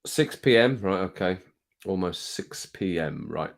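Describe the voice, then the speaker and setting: A man's voice: low voice, lively intonation, a little slow, gravelly. A man chatting casually on a live stream, reading viewer comments aloud and laughing often. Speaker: music reaction streamer.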